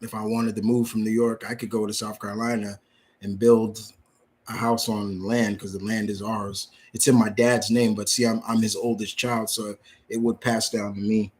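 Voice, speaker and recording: A man's voice: lowish voice, flat delivery, normal speed, a little mellow. A young man hosting a live Q&A, reading out viewer questions and answering them in a casual, blunt way. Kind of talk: live Q&A chat.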